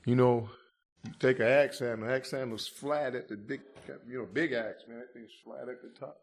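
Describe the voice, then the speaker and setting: With a steady tone and mid-range voice at normal speed, this male preacher delivers a fervent sermon. He moves from hushed murmuring to loud shouting, tosses in rhetorical "huh?" asides, and addresses listeners as "friend."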